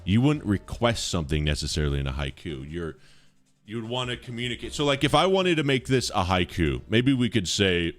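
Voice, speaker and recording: A man's voice: lowish voice, big pitch swings, a little fast. A man streaming live, chatting with his chat, talking casually and mock-pompously while reading verse aloud. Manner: mock-pompous, swings between big dramatic readings and mumbled asides.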